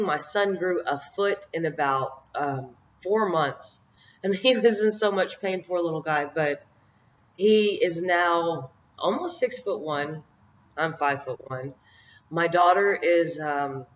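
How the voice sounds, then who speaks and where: A woman's voice: deep voice, a bit bright. A middle-aged woman giving a motivational talk to camera, reflective and meandering, often laughing at herself. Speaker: vlogger giving life encouragement. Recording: dull lo-fi audio.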